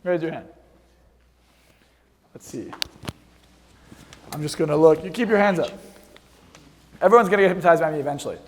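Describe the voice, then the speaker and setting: A young man giving an energetic, boastful hypnosis seminar to a live audience, telling stories from the stage. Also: a little high, moderate pace, pauses often, slight background noise. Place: large hall with a stage. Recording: long hall reverb.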